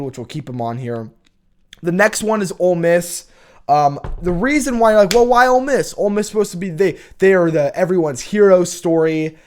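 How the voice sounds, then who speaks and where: A man's voice: on the high side, darkish tone. A young man hosting a college football show, talking in a casual, opinionated, rambling rant with many restarts.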